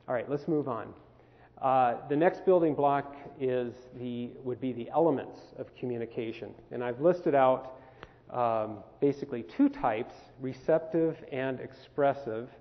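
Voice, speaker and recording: At an unhurried pace and medium pitch, a man leads a communication workshop for a camp group, talking conversationally and putting questions to them. The audio sounds phone-quality and was captured in a reverberant hall.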